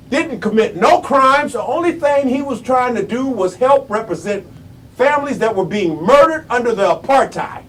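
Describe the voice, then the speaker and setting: A man giving a high-energy motivational speech in a preaching cadence, repeating phrases and breaking into shouts. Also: distant mic, slight background noise. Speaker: motivational speaker.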